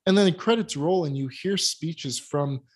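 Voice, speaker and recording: A man's voice: fairly high pitch, moderate pace, husky. A man co-hosting a casual film review chat, giving candid and critical opinions with plenty of hesitations and restarts. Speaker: podcast co-host reviewing films.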